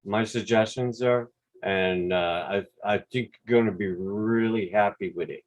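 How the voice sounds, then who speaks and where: A man with a Quebec accent, hosting a relaxed, rambling livestream chat over a video call with some mild swearing. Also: fairly low pitch, unhurried, dull audio. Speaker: drone channel host.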